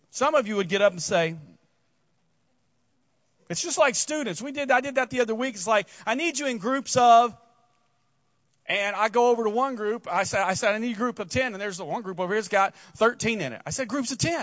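Speaking a little fast and pausing often, a very high-voiced pastor animatedly retells the story in a casual sermon, frequently starting his sentences over. The audio is flat and dry, with no echo or sense of a room.

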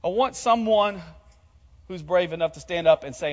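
Pastor guy preaching, high voice, big church echo, kinda muffled. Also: lively intonation, brisk. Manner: preaching, calls on the congregation to speak. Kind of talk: sermon. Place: church hall. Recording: muffled sound with long hall reverb.

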